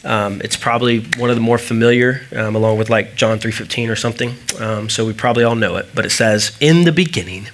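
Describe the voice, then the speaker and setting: A man's voice: fairly low pitch, fast talker, hardly any pauses, a bit bright. A man preaching a sermon as pastor, talking casually, telling stories with asides and fillers. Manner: conversational, storytelling with asides and fillers.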